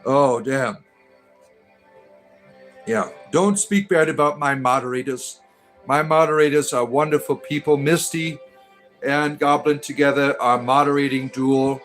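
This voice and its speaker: A man's voice: on the high side, fairly even intonation, unhurried, long pauses, a bit bright, soft background music. A man hosting a casual livestream, joking as he reads and answers chat messages and often adding "right?". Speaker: livestream host reading chat.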